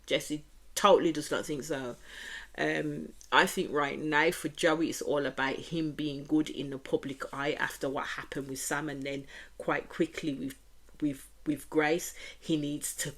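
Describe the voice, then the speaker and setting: A woman's voice: deep voice, steady tone, a little slow. A woman with a Birmingham accent giving a chatty, opinionated reaction review of a reality show, often repeating stock phrases.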